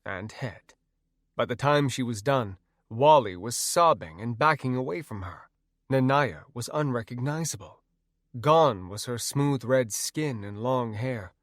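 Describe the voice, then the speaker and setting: A man narrating a first-person audiobook in a measured, even storytelling manner. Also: medium pitch, no echo, studio quality.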